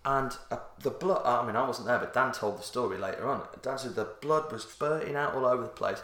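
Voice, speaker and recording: A man in casual chat, telling an anecdote to a friend and tossing in quick questions. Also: mid-range voice, bright, forceful tone, roomy sound, slight background noise. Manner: chatty, asks quick questions, uses 'mate'.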